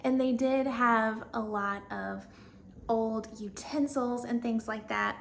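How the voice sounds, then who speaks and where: A woman's voice: on the high side, steady tone, takes it slowly, slight background noise. A young woman with a Southern US accent, chatting casually and bubbly in a home decor vlog, laughing often.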